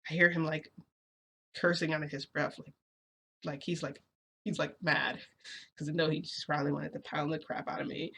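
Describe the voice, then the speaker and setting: A woman vlogger chatting casually through a long personal story, rambling with lots of "like" and quick giggles. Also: deep voice, little pitch movement, creaky, fairly bright tone, breathy edge.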